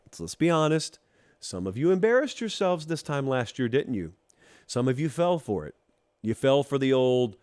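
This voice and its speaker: A man from Georgia hosts a college football show with an animated, teasing monologue. He speaks right to the fans and needles them. His pitch sits in an ordinary middle register. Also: normal speed. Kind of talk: casual opinion monologue.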